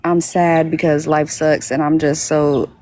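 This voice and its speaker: A woman's voice: sits low, flat delivery, unhurried, dark tone. A young woman talking casually on a podcast, hesitant, with many fillers and restarts. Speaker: podcast guest. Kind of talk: casual conversation.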